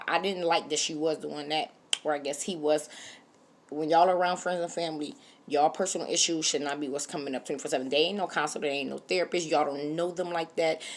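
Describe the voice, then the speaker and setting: Woman, low voice, opinionated, animated, casual vlog commentary. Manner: opinionated, animated, speaks straight to viewers. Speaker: reality TV reviewer.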